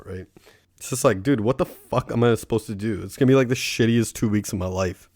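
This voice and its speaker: A man's voice: on the low side, normal speed, darkish tone, dry recording, clean studio sound. A young man hosting his own podcast, rambling casually with heavy swearing, lots of "like" and "right?", and laughing at his own stories. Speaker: podcast host. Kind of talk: casual solo podcast monologue.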